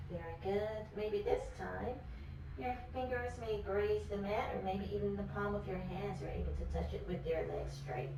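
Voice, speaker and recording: A woman's voice: mid-range voice, vocal fry. Encouraging woman teaching kids yoga. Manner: gentle, encouraging, repeats praise often. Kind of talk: guided yoga class for children. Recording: echoey room from far off with faint noise.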